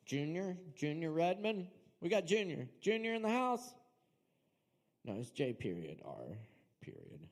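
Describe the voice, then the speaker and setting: A man's voice: a little high, big pitch swings, measured pace. A man hosting a live open mic night in a bar, calling up performers and hyping the crowd. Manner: laid-back, hyping the crowd. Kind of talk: live emcee announcing performers.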